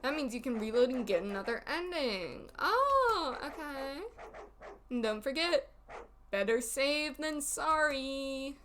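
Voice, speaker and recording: A woman's voice: high-pitched, a little slow, slight background noise. A woman streamer giving casual, joking commentary while playing a game, crude and often cutting herself off. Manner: joking, crude, self-interrupting.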